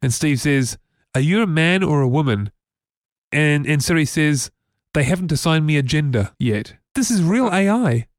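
NZ male co-host, casual rambling talker, slightly high tone, dry close sound. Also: lively intonation, moderate pace, no echo. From New Zealand. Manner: chatty, rambling, many fillers. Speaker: podcast co-host. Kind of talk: casual tech podcast chat.

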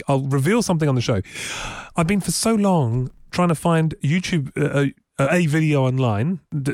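Kiwi male co-host, slightly high voice, dry close sound, rambling and giggly. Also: darkish tone, dry recording. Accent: New Zealand. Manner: chatty, laughs often, rambling. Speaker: podcast co-host. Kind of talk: casual tech podcast chat.

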